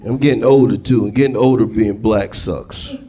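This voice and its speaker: A man performing a loud, profane live stand-up set on a club stage, jumping into shouted high voices for his characters. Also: normal speed. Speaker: stand-up comedian. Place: comedy club stage before a laughing crowd. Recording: live club room with crowd. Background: audience laughter.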